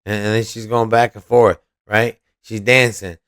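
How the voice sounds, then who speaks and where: A man's voice: lowish voice, little pitch movement, normal speed, a bit bright, clear, resonant tone, no room sound, studio quality. A man hosting a podcast, giving profane, mocking and combative political commentary. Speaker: podcast host.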